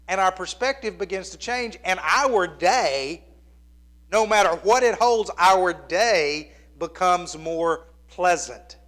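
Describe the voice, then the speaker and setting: A man in his fifties preaching a sermon, telling a story in an earnest, conversational way and dropping to a hushed near-whisper at tender points. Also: sits high, lively intonation, slow pace. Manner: plainspoken and conversational with the congregation. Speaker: pastor.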